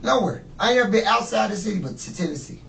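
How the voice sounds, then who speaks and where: In an interrogation room, a suspect in his fifties talks fast in a high-pitched, gravelly, fairly bright voice full of expression. His rambling answers are boastful and laced with profanity, and the audio is echoey, with faint noise and a far-off mic.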